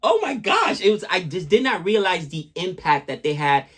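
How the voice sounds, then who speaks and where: Man, co-host, casual reaction chat, excitable, laughs a lot, high voice. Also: moderate pace, breathy edge. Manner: excitable, laughs often, animated.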